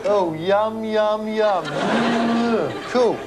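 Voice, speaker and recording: A man's voice: high-pitched, very slow, over loud music. An actor playing a man whose every sincere word comes out drippingly sarcastic, with studio audience laughter behind. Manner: dry, flat sarcastic delivery.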